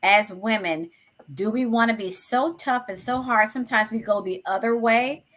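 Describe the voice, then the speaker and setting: A woman hosting an interview, asking measured, inviting questions. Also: on the high side, fairly bright tone. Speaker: host.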